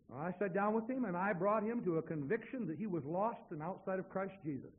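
A male preacher tells a story from the pulpit, voicing himself and the other people in it with dramatic flair. His voice is husky and slightly high. The sound is thin and tinny, like a phone line. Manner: dramatic storyteller, acting out both sides of a conversation. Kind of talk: sermon storytelling.

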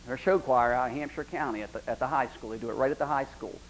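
A man's voice: medium pitch, fast talker, rough recording. A middle-aged man, preaching a sermon in an emphatic, conversational way with frequent restarts.

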